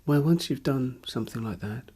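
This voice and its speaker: A man's voice: medium pitch, moderate pace, warm tone, breathy edge. A man, a musician, speaking in a candid interview, hesitant and searching for words, openly earnest and emotional.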